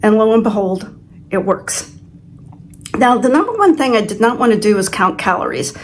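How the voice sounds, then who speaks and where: A woman's voice: a little high, lively intonation, moderate pace, a little hiss or hum. A woman in her sixties hosting her own vlog, telling a personal story in a chatty, self-deprecating way. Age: 60s. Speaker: channel host. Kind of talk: casual vlog chat.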